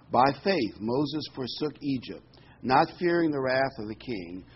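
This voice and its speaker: A man's voice: mid-range voice, a little hiss or hum. Middle-aged guy preaching a folksy sermon in church, chatty and easygoing, muffled lo-fi recording. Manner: folksy, conversational preaching with fillers and asides. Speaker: pastor.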